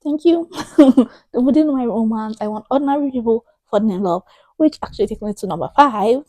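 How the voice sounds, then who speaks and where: A woman in her thirties talks straight to camera in a chatty book vlog, emphatic and a little exasperated, repeating lines for effect. Her voice sits slightly high but sounds warm and mellow. The sound is close and dry. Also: brisk, dry recording. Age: 30s. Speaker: book vlogger.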